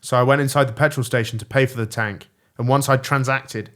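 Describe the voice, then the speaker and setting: A young man hosting a podcast, reading out listener stories with a dry, deadpan humor. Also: mid-range voice, fairly quick, a little hiss or hum. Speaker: podcast host.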